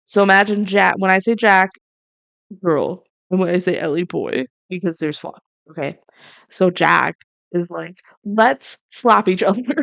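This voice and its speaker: A woman co-hosting a podcast, recapping a movie in a chatty, lively way with quick asides. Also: lowish voice, creaky, no room sound. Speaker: podcast co-host. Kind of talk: casual chat recapping a movie.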